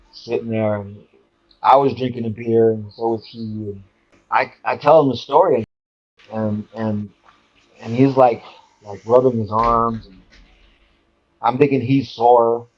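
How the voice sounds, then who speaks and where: A man telling a story as a guest in casual chat, animated and halting with many restarts and repeated words. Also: medium pitch, lo-fi sound.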